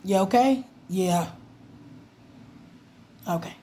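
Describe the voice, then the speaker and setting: A woman vlogging in a casual, animated way about her faith, laughing and mimicking voices as she tells stories. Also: mid-range voice, drawn-out words, slight background noise. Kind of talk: casual faith talk to camera.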